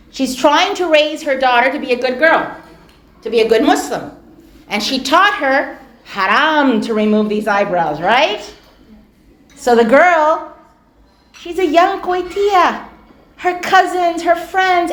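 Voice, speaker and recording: A woman giving a religious lecture as a storyteller, animated, acting out the voices of the people in her stories and repeating words for emphasis. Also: sits high. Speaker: Islamic lecturer. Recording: echoey hall.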